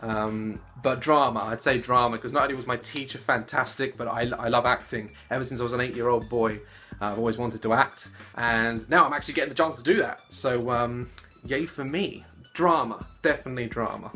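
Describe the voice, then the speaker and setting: A man in his late twenties answers fan questions to camera in a casual, giggly, animated way. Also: a little fast. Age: 20s. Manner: giggly and animated, jumping into squeaky voices. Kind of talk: casual Q&A vlog. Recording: soft music playing underneath.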